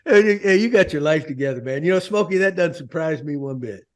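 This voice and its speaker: A man's voice: fairly high pitch, animated, fast. A man hosting a casual sports chat show, talking in a folksy, rambling way full of fillers. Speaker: show host.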